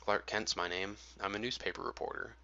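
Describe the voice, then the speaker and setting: A man voicing a calm, mild-mannered young reporter who asks polite, steady questions, in a storybook reading on dull lo-fi audio. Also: fairly low pitch, fairly quick, smooth. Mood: calm, probing.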